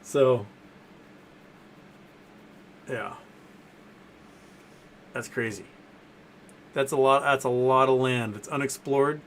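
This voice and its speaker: A man's voice: medium pitch, fairly even intonation, slow pace, pauses often. A man in the middle of his range, chatting loosely through a live stream as he works through viewer questions. He rambles, trips over his words and corrects himself as he goes. A faint hum of room ambience sits behind him. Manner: rambling, with filler sounds and self-corrections; softens his voice to talk to his dogs. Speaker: livestream host answering viewer questions. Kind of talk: casual live-stream chat.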